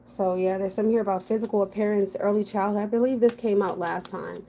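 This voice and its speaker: A woman's voice: medium pitch, steady tone, quick pace, mellow, slight background noise. A woman giving a casual general tarot reading, talking frankly and thinking aloud to her viewers. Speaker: tarot reader.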